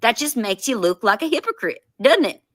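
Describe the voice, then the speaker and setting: A woman's voice: on the high side, very animated, brisk, fairly bright tone, no room sound, studio quality. A woman doing a comedic impression of a foul-mouthed, defensive woman streamer who rants and curses. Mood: aggrieved. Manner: ranting, cursing, mocking.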